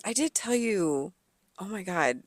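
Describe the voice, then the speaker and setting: A woman's voice: mid-range voice, expressive, unhurried, dry recording. A woman co-hosting a podcast in casual chat, blunt and sarcastic, swearing freely as she tells stories. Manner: blunt, profane, sarcastic storyteller. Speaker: podcast co-host.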